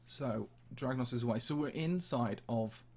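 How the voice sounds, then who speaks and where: A man's voice: medium pitch, moderate pace, darkish tone. A man with a slightly posh English accent, casually chatting and answering viewer questions as he tours a game map. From English Midlands. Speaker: Minecraft channel host. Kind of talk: casual livestream chat while touring a game map.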